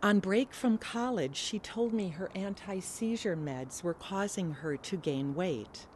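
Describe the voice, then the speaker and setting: A shaken, grieving father, as a woman storyteller puts him on, speaking low and quietly with a quiver. The delivery is slow and heavy. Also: a little hiss or hum.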